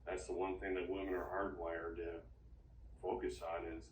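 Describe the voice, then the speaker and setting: A man talking in a therapy session, halting and rambling with frequent restarts, recorded from a distance in an echoey room. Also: low voice, flat delivery, slight background noise. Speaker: therapy client. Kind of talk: casual session talk. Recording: echoey room, distant mic, faint ambience.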